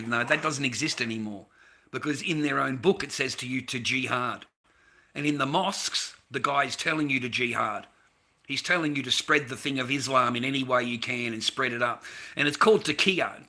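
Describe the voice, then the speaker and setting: Blunt Australian man, very bright voice. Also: mid-range voice, moderate pace. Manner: blunt, repetitive, swearing, keeps adding "mate". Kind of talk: casual profane rant.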